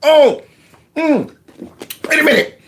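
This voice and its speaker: A man's voice: very high voice, lively intonation, slow. A man giving casual, mocking commentary on a video clip. He talks sarcastically and addresses his viewers as y'all.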